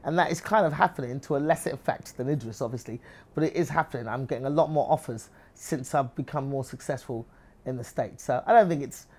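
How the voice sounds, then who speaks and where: An English comedian, a woman with a bass voice and darkish tone, talks quickly as a guest in a lively interview. She acts out other people's voices while telling her stories.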